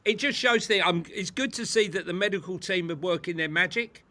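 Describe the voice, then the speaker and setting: A man's voice: high-pitched, brisk, bright, forceful tone. A man co-hosting a football fan chat, incredulous and sarcastic, often laughing. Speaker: co-host. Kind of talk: casual chat.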